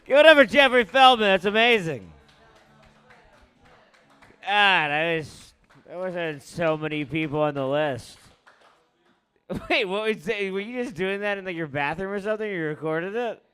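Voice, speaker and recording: Male emcee, hyped crowd banter, high and smooth, faint music behind. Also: animated, moderate pace, long pauses, pushed and bright. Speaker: comedy show host. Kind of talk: emceeing a comedy show.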